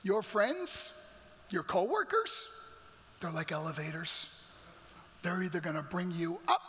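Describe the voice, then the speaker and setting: Emphatic speaker in a reverberant hall. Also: male voice, high voice, big pitch swings, a little slow, long pauses, fairly bright tone. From New York. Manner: dramatic, emphatic storytelling with acted quotes. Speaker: guest speaker. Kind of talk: motivational testimony. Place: large church hall.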